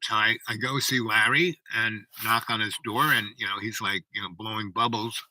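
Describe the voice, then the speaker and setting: Rambling man telling a story, bright voice. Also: fairly low pitch, steady tone, normal speed, slight background noise, poor audio. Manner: rambling, full of asides and "you know, right?".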